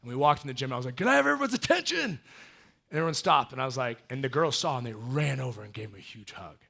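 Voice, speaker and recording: A man in his thirties giving a casual, animated storytelling talk as a guest speaker. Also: medium pitch, very fast, creaky. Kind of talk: storytelling talk to a live audience.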